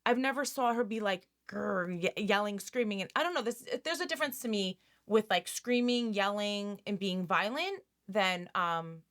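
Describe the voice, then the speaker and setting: A woman's voice: mid-range voice, moderate pace, hardly any pauses, a bit bright. A middle-aged woman speaking as a guest in a casual conversation. She talks candidly and hesitantly, and laughs easily.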